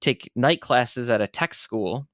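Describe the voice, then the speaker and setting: A man in his forties from Buffalo, New York, speaking as a podcast guest. He tells his story candidly and with animation, and swears freely. His voice sits at an ordinary middle pitch, and the sound is dry and close. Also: takes it slowly, dry recording. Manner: blunt and profane, animated retelling. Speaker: podcast guest, veteran entrepreneur.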